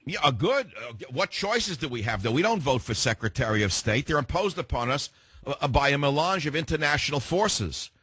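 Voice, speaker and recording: A man's voice: mid-range voice, big pitch swings, moderate pace, pushed and bright, slightly rough, no echo. An opinionated male talk radio host with a mid-range voice who argues hard and cuts his callers off. The sound is dry and close, with no room around it. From San Francisco, USA.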